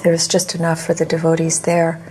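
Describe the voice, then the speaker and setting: Lower female voice, flat steady documentary narration. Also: a little fast, a little hiss or hum.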